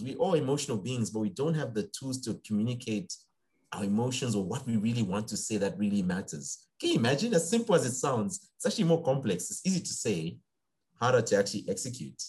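Young guy chatting in an interview, pitch jumps all over, acts out the back-and-forth when he tells a story. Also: brisk, slightly rough. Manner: animated storyteller, acts out quoted dialogue. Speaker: guest, psychiatrist in training. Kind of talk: casual conversational interview.

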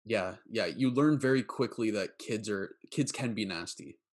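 Podcast host: man, lowish voice, relaxed storyteller, casual asides. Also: normal speed. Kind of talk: casual podcast conversation and anecdote.

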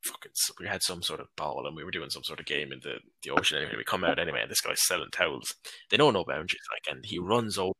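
A man's voice: extremely low pitch, lively intonation, racing, vocal fry, sharp tone, slightly rough, dry recording. A young man chatting casually as a podcast co-host, telling a rambling story with swearing and laughs. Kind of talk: casual chat.

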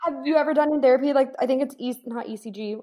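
A woman hosting a casual chat, reacting with sympathy and quick quips. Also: high voice, warm tone.

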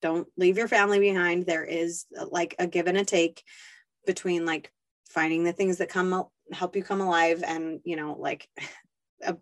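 A woman's voice: lowish voice, steady tone, normal speed. A young woman hosting a talk, speaking to mothers in a casual motivational monologue, earnest and pleading, acting out quoted inner voices. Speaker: podcast host speaking to mothers.

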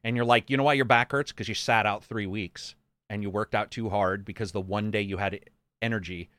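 A man's voice: lowish voice, fairly even intonation, brisk, a bit bright, no echo. A man in casual chat, telling jokey, profane stories and acting out quotes.

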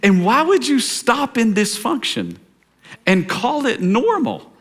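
High, bright-voiced pastor preaching. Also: male voice, huge pitch swings, slow, slightly rough. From Tennessee. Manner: preaching, building to emphatic repeated exhortations, then dropping soft and low. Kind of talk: sermon.

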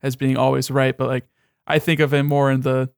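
A man's voice: mid-range voice, monotone, fairly quick, creaky, clean tone, no echo, studio quality. A young man in casual chat as a podcast co-host, rambling and swearing freely, with many restarts.

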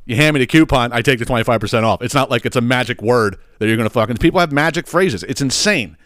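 A man's voice: medium pitch, fast, fairly bright tone, no room sound, clean studio sound. A man, hosting a comedic solo rant, swearing and exasperated. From Philadelphia area. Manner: profane, exasperated ranting with chuckles. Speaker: podcast host.

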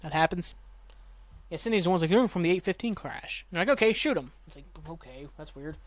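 A man hosting a podcast, casually recapping a TV episode in a rambling way, swearing and jumping into quick voices for the characters. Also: a little high, lively intonation. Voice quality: rambling, swears, acts out lines with quick voice jumps. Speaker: podcast host.

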